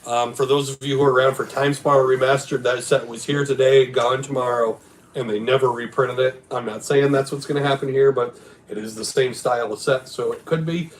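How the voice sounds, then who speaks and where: A man's voice: medium pitch, fairly even intonation, fairly quick, low-quality recording. A man who runs a game store, hosting a casual stream about a game league with a laid-back, rambling way of talking. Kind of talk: casual chat.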